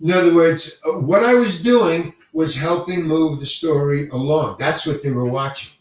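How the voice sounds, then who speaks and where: An older man, a working actor, telling stories in an interview in an animated way, acting out the lines of others and swearing casually. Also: a little high, moderate pace. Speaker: actor guest. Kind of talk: storytelling interview. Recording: echoey room, mic far off.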